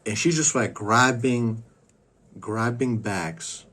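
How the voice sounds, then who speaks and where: A man's voice: medium pitch, fairly bright tone, breathy edge. A young man talking in a casual, rambling monologue, swearing often and stumbling over restarts as he rants. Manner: profane, rambling, halting with restarts. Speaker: vlogger.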